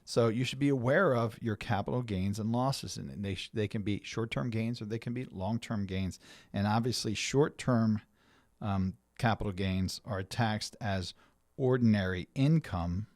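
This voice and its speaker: A man's voice: on the low side, unhurried, a little mellow, no echo. Middle-aged guy explaining finances casually, lots of ums and restarts, dry close sound. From United States. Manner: conversational, many restarts and fillers. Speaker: financial planner hosting a show. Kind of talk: explanatory talk to viewers.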